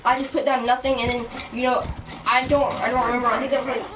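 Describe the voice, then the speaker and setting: A storytime vlogger delivers a casual, indignant rant, rambling along with lots of fillers and restarts. Her voice is a little high with little pitch movement and a quick pace. She sounds distant, with clear background music and other background noise.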